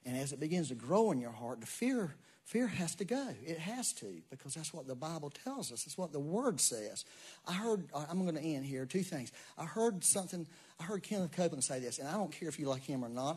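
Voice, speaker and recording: Husky folksy preacher man, twang. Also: a little high, brisk. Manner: folksy, animated preaching with asides and laughs. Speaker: pastor. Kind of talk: sermon.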